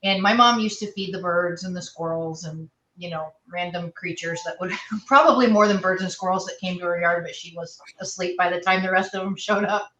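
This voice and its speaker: A woman's voice: on the low side, fairly quick, hardly any pauses, a bit bright, far from the mic, highs cut off. Heartfelt woman in an echoey room. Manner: heartfelt storytelling. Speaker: panelist. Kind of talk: casual chat. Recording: echoey room, away from the mic.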